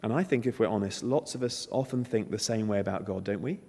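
A man's voice: fairly low pitch, quick pace, creaky, warm tone. A man preaching a sermon, emphatic and storytelling, acting out the characters' lines. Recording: long hall reverb.

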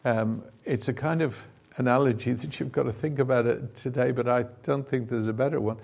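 A man's voice: medium pitch, steady tone, a little fast, vocal fry, darkish tone. A man leading an informal sermon and Bible teaching session, talking conversationally with asides and fillers. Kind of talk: informal sermon with audience participation.

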